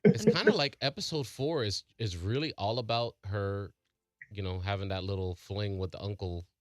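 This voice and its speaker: A man hosting a casual podcast chat, talking haltingly with many fillers and restarts. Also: on the low side, no echo, clean studio sound. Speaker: podcast host.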